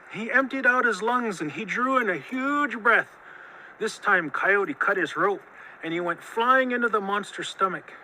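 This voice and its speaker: A man telling a traditional tale in a lively, expressive way, drawing out the key moments. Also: high-pitched, a little hiss or hum, rough recording. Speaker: storyteller. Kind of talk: oral storytelling of a traditional tale.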